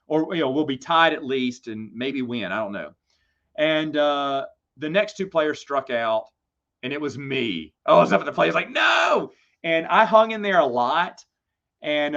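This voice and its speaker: On a livestream, a man hosting a live Q&A tells a long, rambling story, poking fun at himself as he goes. His voice is fairly high and a bit bright, and the lo-fi stream audio sounds slightly dull.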